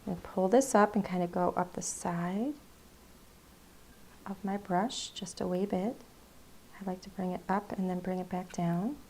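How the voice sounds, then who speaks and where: A woman hosting a live craft class, talking quietly and half to herself while she paints. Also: on the low side, fairly even intonation, moderate pace, long pauses, a little hiss or hum. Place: craft studio.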